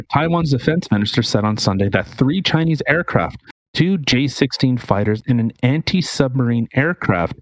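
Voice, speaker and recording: A man's voice: medium pitch, no echo. A man co-hosting a casual podcast, explaining news articles in an opinionated way. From Canada. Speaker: podcast co-host.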